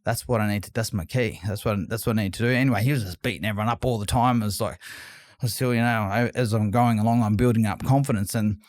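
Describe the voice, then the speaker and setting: A man's voice: lowish voice, quick pace, dry recording. A man from Australia, a former boxer, telling stories in a casual interview, repeating words and restarting often. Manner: rambling, repeats words and restarts, animated retelling. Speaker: guest, former boxing world champion.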